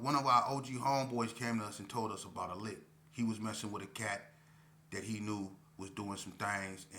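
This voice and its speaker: A man's voice: lowish voice, fairly bright tone. A middle-aged man telling a story from his past in a laid-back, slangy way, with lots of "you know" fillers. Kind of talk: casual street storytelling.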